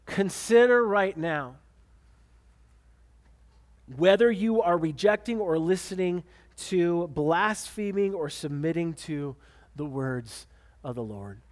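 Guy preaching a sermon, pretty high voice, emphatic, repeats himself when he gets going. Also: takes it slowly, pauses often. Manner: emphatic preaching with repeated words and sudden pitch swings. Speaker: pastor.

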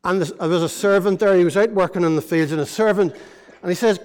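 High-voiced preacher in an echoey hall. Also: male voice, quick pace, smooth. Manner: lively, playful storytelling to children. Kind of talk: all-age sermon storytelling. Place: church.

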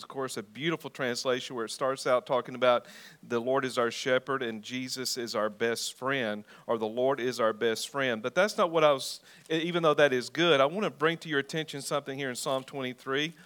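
Reading from scripture, a middle-aged male pastor questions his congregation and calls for their responses during his sermon. He has a smooth, mid-range voice with a slightly bright tone.

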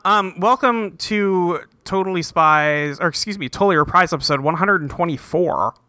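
A man's voice: sits high, moderate pace, sharp tone, no room sound. A man hosting a casual podcast, recapping a cartoon episode in a laid-back way with lots of fillers. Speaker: podcast host.

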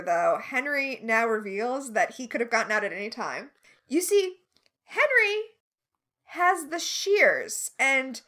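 A woman co-hosting a casual recap chat, animated and sarcastic with quick asides. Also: fairly high pitch. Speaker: podcast co-host.

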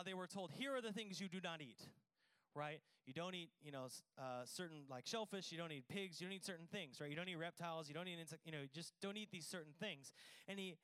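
A man's voice: high voice, a bit bright, clear, resonant tone, dry recording. A man preaching a sermon in a conversational, joking way, acting out the dialogue of the scripture. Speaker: pastor.

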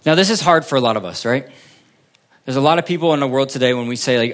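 A male pastor preaching a sermon, asking the congregation questions and answering them himself, with long pauses and line endings that drop almost to silence. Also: mid-range voice, animated. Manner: preaching with strong rises and falls, long pauses, drops to near quiet at line ends.

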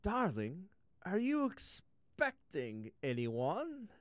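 A prim, doting queen mother speaks in a drawn-out, genteel falsetto put on by a man. She sounds dry and close to the mic. It is a bawdy storybook parody. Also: huge pitch swings, dry recording, heavily acted. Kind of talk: comic storytelling with voices.

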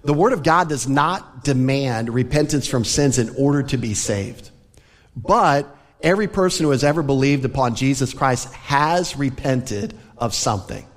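A man's voice: medium pitch, animated, normal speed, long reverb tail. A man preaching a sermon as pastor, from the American South, speaking earnestly and conversationally with light laughs. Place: church sanctuary.

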